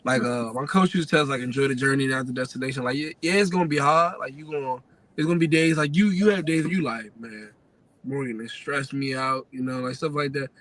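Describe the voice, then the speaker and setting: A young adult man telling a family story in a casual, animated way, full of fillers. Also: mid-range voice, a little fast. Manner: lively, animated retelling with many fillers. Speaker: guest sharing family story.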